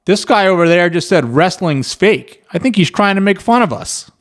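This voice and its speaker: Touchy, suspicious drunk wrestlers talk a bit higher than normal, as a male commentator puts them on. It is a light, everyday impression inside a spoken story. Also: lively intonation, moderate pace.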